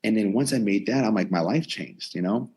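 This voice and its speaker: His pitch sits fairly low and his delivery is brisk and husky. The man, a personal trainer in his twenties, candidly shares his story in a laid-back podcast interview, lively and energetic, quoting his own inner dialogue, from his gym in a converted storage unit.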